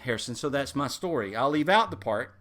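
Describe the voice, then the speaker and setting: A man telling a funny personal story in a casual, animated way and chuckling through it. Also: medium pitch, fairly quick.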